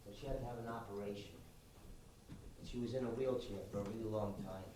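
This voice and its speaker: A man playing a gentle older husband who quietly recalls his wife, speaking softly and wistfully. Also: fairly low pitch, fairly even intonation, fast, voice pushed down, close to an everyday voice. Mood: tender, wistful. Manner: soft, quiet, wistful storytelling. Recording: echoey live room, distant mic, noisy.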